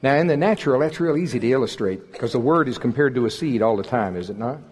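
In a big, echoing hall, a preacher in his sixties from Oklahoma jokes his way through a folksy sermon that builds toward emphatic high points. His husky, mid-range voice has a darkish tone, lively intonation and a fast delivery.

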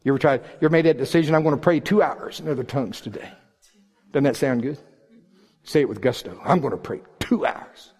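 A male preacher giving a sermon in a church service, animated and joking, swinging between loud and soft delivery. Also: mid-range voice, quick pace.

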